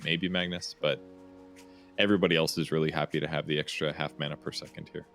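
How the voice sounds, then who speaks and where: A man with a Midwestern accent giving relaxed, analytical esports commentary on a headset, with plenty of filler words. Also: very deep voice, fast, faint music behind. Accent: American Midwestern. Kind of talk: play-by-play analysis.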